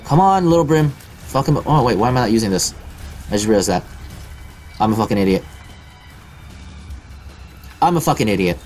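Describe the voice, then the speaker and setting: A man's voice: lowish voice, moderate pace, long pauses, soft background music. Profane, self-mocking young male gamer. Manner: profane, self-deprecating, excitable yelps. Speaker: gaming video host. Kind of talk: let's play commentary.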